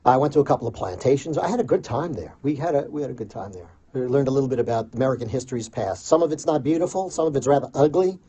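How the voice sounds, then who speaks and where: A man hosting a radio talk show, rambling in casual chat with quick self-deprecating asides. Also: medium pitch, lively intonation, dark tone, slightly rough.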